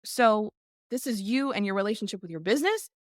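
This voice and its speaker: A woman's voice: medium pitch, expressive, brisk, dry recording, clean studio sound. A middle-aged woman hosting a podcast, speaking earnestly and tearfully in a reflective live talk, repeating phrases for emphasis. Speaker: podcast host.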